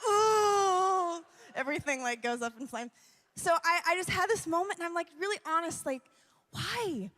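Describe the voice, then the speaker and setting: High-voiced young female worship leader, chatty and rambling at a church event. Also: animated, fast talker, pushed and bright, big-room sound. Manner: chatty, rambling, laughs often, many fillers. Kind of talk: sermon-like personal talk.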